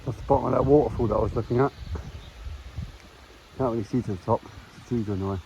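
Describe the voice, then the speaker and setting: A young male travel vlogger talks to camera while hiking a windy hillside, keeping things chatty and matey. He speaks fast in a medium-pitched voice that is gravelly and dark-toned, with wind and outdoor ambience around him.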